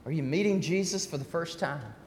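A pastor preaching a fervent sermon, repeating himself and rising to shouts. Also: male voice, a little high, brisk, husky. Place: church sanctuary. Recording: long reverb of a church hall.

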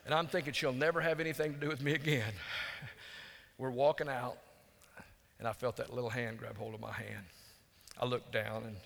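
A man preaching a storytelling sermon in a folksy, conversational way, dropping to hushed tones for emphasis. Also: mid-range voice, level tone, normal speed, gravelly, pauses often. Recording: long hall reverb.

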